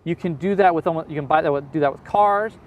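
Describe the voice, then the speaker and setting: A man's voice: fairly high pitch, quick pace. A man being interviewed as a real estate investor, explaining in an easygoing way with everyday examples. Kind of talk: casual interview answers.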